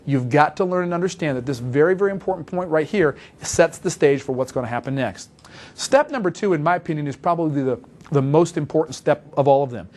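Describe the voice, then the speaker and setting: A man gives an instructional talk as a sales trainer, driving each point home with emphatic, repeated coaching. He talks very fast in a slightly high voice. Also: lively intonation, a little mellow.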